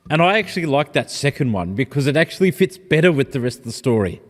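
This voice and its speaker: A man preaching a sermon in a gentle, reflective, personal way. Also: medium pitch, expressive, fairly quick. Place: church. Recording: long church reverb.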